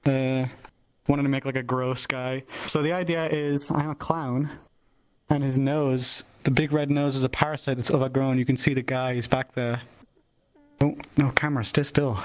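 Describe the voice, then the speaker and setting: A man's voice: medium pitch, level tone, normal speed, low-quality recording. A man casually showing off avatars he made, rambling, restarting his sentences and swearing often. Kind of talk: casual show-and-tell.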